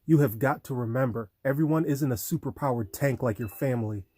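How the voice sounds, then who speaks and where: A man's voice: mid-range voice, brisk, dark tone, breathy edge, natural voice. A male audiobook reader voicing a joking teenage boy who talks in casual slang.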